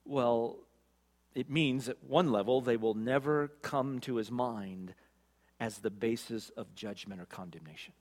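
A pastor preaching an expository sermon, swinging from loud emphatic peaks to quiet, drawn-out phrases. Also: male voice, mid-range voice. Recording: long reverb of a large hall.

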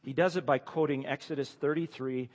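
A man's voice: mid-range voice, fairly even intonation, brisk, in a large hall. A man preaching an expository sermon, reading scripture aloud and then explaining it with emphatic rhetorical questions.

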